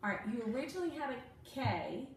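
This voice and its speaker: A woman's voice: high voice, sing-song, quick pace, vocal fry, a little hiss or hum. A woman tutoring a student one-on-one in spelling and phonics, giving patient step-by-step prompts. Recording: echoey room from a distant mic with faint ambience.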